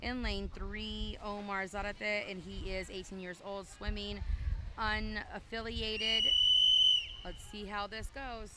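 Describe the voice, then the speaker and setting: A woman announces a swim meet live over the PA at an indoor pool, speaking slowly at a medium pitch with little variation in tone. Her style is loose and chatty, heavy on fillers, as she reads lanes and times and calls to the kids, all captured in a noisy poolside recording.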